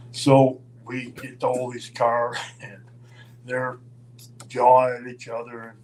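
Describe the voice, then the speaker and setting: An older man telling a long, rambling road anecdote in a casual live chat, chuckling and halting as he goes. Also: mid-range voice, monotone, darkish tone, slight background noise, rough recording. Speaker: guest storyteller.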